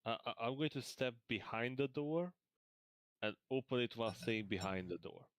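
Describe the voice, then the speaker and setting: A man's voice: medium pitch, animated, normal speed. A man playing a tabletop game, speaking cautiously with dry jokes. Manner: cautious, joking, laughs often. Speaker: player. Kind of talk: casual tabletop play.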